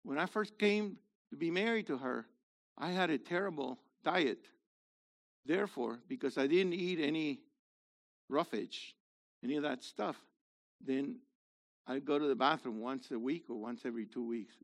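A middle-aged man preaching a sermon in a loose, conversational way, swinging from loud to quiet. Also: fairly high pitch, moderate pace, long pauses. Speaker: pastor.

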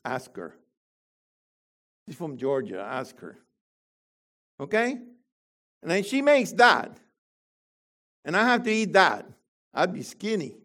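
An older man delivers a sermon at an unhurried, deliberate pace. His voice sits a little high for a man, and he keeps turning to the congregation with rhetorical questions. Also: very animated, sharp tone. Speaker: preacher.

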